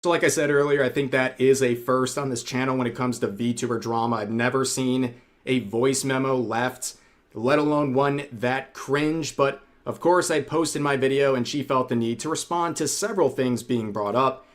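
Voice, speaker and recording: A man's voice: mid-range voice, fairly even intonation, normal speed. Man narrating wry drama commentary. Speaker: youtube commentator. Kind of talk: scripted commentary voice-over.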